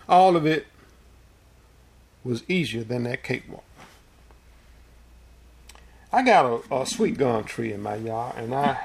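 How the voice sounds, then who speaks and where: A man's voice: medium pitch, gravelly, breathy edge. A man preaching a sermon in a folksy, storytelling way, with homespun asides.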